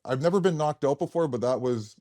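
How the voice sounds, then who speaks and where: A man's voice: a little high, fairly quick, dark tone, no room sound. A man in his thirties, a former pro hockey player, telling stories in casual chat, laughing often and rambling with many restarts.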